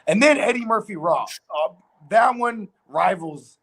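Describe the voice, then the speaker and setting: Gravelly-voiced man telling stories. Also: high voice, measured pace, low-quality recording. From Washington, D.C. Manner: animated storyteller, acts out comedians' bits. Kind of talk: casual chat.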